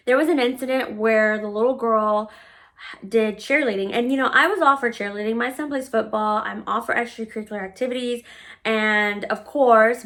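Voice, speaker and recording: A woman in her thirties, her voice sitting a little high, tells a personal story to camera. She is blunt and swears freely, acting out each exchange as she goes. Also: gravelly. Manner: blunt and profane, animated, acts out quoted lines. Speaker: vlogger telling a personal story. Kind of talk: casual storytime monologue.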